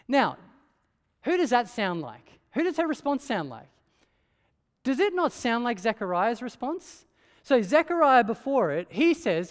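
A man's voice: very high-pitched, very animated, normal speed. A man preaching a sermon in a conversational way, often asking rhetorical questions. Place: church hall. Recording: long church-hall reverb.

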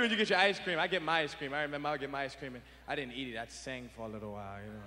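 A male stand-up comedian telling a childhood story in an animated way, slipping into kid impressions, in a large venue before a live audience. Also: medium pitch, rapid-fire, hardly any pauses. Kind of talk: stand-up routine. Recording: noisy concert recording in a big hall.

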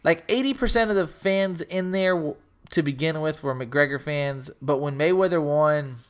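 A young man co-hosting a casual podcast, telling a story with lots of swearing and acting out the shouting. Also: fairly high pitch, normal speed, clear, resonant tone. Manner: animated storyteller, swears a lot, acts out shouting. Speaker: podcast co-host.

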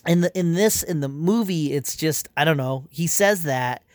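A man's voice: fairly high pitch, moderate pace, a little mellow, dry recording, clean studio sound. A man ranting casually as a comic fan, swearing often and rambling with exasperation. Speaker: comic fan reviewing a movie. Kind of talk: casual rant.

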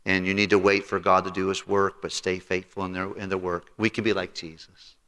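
A man's voice: sits low, little pitch movement, fairly quick, fairly bright tone. A male pastor preaching a sermon, telling stories and acting out the people in them. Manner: storytelling, acts out quotes.

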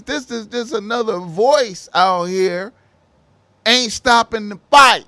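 A man talking on his own in a casual, slangy monologue, swearing, repeating phrases and now and then shouting in voices he mimics. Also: extremely high pitch, measured pace. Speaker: commentator.

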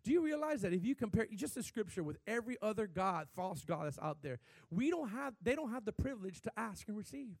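A male pastor with a high voice preaches a sermon in an animated way. His voice swells suddenly in pitch and loudness. The recording is dry and close. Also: fairly quick, gravelly, few pauses, dry recording.

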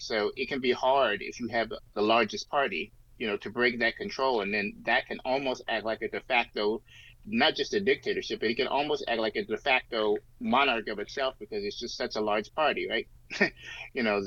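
Talking politics as a podcast co-host, a man wanders through his points casually, filling gaps and restarting often. The voice is lowish and a bit bright; the sound is dull, lo-fi, and dry without echo.

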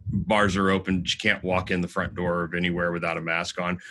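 Bright-voiced laid-back man, casual podcast chat. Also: low-pitched, monotone, brisk. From Galveston, Texas. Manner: laid-back, swears freely, laughs often. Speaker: podcast co-host. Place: rented apartment while traveling.

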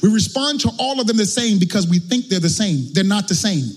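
In church, a male pastor preaches in a strikingly high, raspy voice, his pitch leaping and dropping as he half-sings his points and shouts at the peaks. He is animated and a little fast, with a long reverb tail trailing his words.

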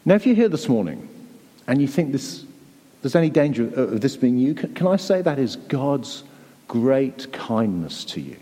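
A man's voice: medium pitch, big pitch swings, normal speed, dark tone, in a large hall. A man preaching a sermon to a church congregation, earnest and pleading, often repeating words as he presses his point. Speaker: pastor.

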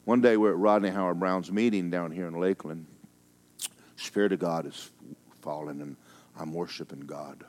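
A man preaching in a very deep register, moving between emphatic declarations and quiet, hushed asides. He tells stories from the pulpit in a folksy way and teases his congregation now and then. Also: steady tone, normal speed. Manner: folksy and teasing. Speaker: pastor. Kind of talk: sermon.

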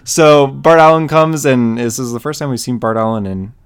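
A man's voice: normal speed, clear, resonant tone. A man co-hosting a podcast, eagerly recapping a comic issue and playing out the characters' lines in a raised voice. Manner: excited retelling, acts out character lines in a higher voice. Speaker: podcast co-host. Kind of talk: casual comic book chat.

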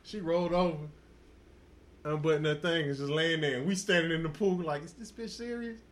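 A man's voice: on the high side, fairly even intonation, a little fast. Profane, laughing man telling a story. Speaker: podcast host. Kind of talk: casual storytelling.

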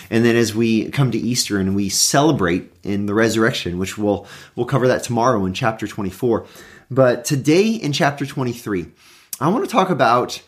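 Man, devotional Bible teacher, earnest and animated, mid-pitched voice, reads scripture and explains it. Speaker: pastor.

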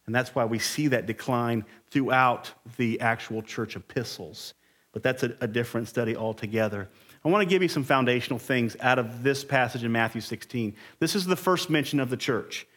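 A man's voice: medium pitch, moderate pace, fairly bright tone. A man preaching a Sunday morning sermon as pastor, emphatic and rising in intensity.

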